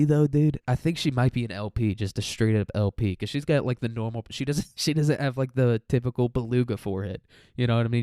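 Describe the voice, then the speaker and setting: A man's voice: mid-range voice, dark tone, clear, resonant tone, dry recording, clean studio sound. Rambling, crude young man. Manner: rambling, crude, laughs a lot. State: mentally tired. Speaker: student podcaster. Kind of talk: casual solo podcast monologue.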